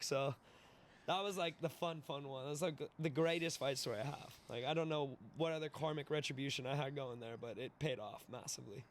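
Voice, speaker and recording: A young man in his twenties, a podcast guest telling a wild story in an animated, profane way, laughing and acting out the voices. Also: medium pitch, brisk, a little hiss or hum. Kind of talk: casual storytelling.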